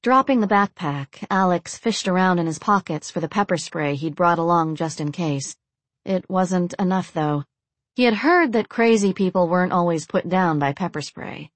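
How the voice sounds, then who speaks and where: Low-voiced woman reading a story. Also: normal speed, dry recording. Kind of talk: scripted story narration.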